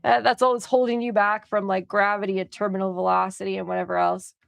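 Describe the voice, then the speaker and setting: A young woman streamer rambling through a story with an easy, gravelly fry. She laughs often and swears casually. Her voice is close and dry on a desk mic. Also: mid-range voice, little pitch movement, quick pace, dry recording.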